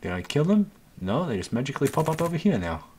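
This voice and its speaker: A man's voice: fairly high pitch, sing-song, quick pace, a little mellow, slight background noise. A man gives running commentary over his own gameplay as the channel host. He grumbles, swears freely and talks to himself and his viewers. His tone stays exasperated throughout.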